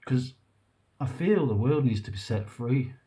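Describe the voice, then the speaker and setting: Man, vlogger, mellow warm tone; earnest, rambling, halting delivery. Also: medium pitch, lively intonation. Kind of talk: emotional personal monologue to camera.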